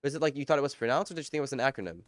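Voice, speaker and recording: A man's voice: mid-range voice, animated, rapid-fire, no room sound. A man streaming a game live, chatting casually and rambling as he answers viewers' chat while he plays.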